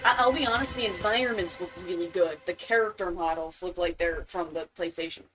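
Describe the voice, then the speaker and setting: A man's voice: high-pitched, fairly quick, pushed and bright. A man co-hosting a live stream, casually reacting to game trailers and explaining things with a few fillers. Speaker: streamer co-host. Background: game trailer music.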